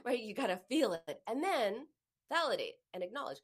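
A woman's voice: on the high side, very animated, normal speed. A middle-aged woman coaching on emotions in a live teaching talk, acting out sighs and inner voices as she explains.

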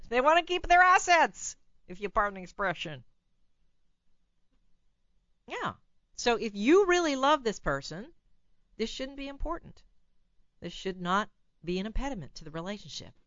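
A woman hosting a call-in radio show as a psychologist, giving blunt, animated advice and laughing at her own remarks. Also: a little high, no echo, dull audio.

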